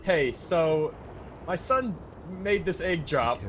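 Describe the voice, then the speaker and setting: A man's voice: on the high side, animated, slow pace, fairly bright tone, slight background noise. A man streaming, telling stories in a casual, profane, laughing way.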